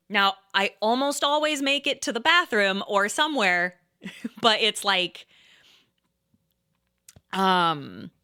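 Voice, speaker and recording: Woman, 30s, casual storytelling, hesitant, rambling, bright crisp voice. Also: mid-range voice. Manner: hesitant, rambling, laughing often, quotes herself and others.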